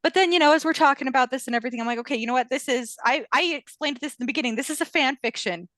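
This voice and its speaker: A woman's voice: high-pitched, very fast, a bit bright, no room sound. A woman co-hosting a podcast, chatting casually about fan fiction, acting out quotes and laughing often. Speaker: podcast co-host.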